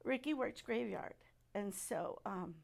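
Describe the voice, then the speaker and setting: A middle-aged woman giving a personal testimony at church, speaking softly and haltingly with many pauses. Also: mid-range voice, gravelly. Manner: halting and soft-spoken, many pauses and fillers.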